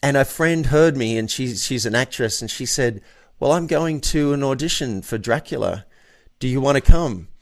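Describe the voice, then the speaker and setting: A man's voice: medium pitch, animated, moderate pace. Male guest, mid-range voice, earnest personal storytelling, restarts a lot. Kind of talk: casual chat.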